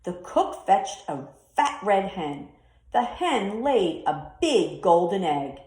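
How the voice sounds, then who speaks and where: The slow, echoing recording captures a woman teacher reading to children in a highly expressive way. Her voice swings up and down as she tells the story unhurriedly.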